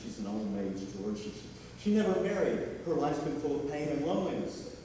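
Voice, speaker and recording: A stage actor playing a calm, wry guardian angel in a live play. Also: male voice, fairly high pitch, fairly quick, a little hiss or hum. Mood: sorrowful. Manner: calm, wry and gently knowing. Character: gentle guardian angel, male, earning wings. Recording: echoey hall miked from far.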